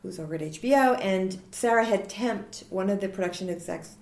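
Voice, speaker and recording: Woman in her 40s, animated storyteller, quotes people in lively voices, medium pitch, roomy echo. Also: brisk. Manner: animated, laughing, acts out quotes. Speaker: guest. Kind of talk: casual interview storytelling.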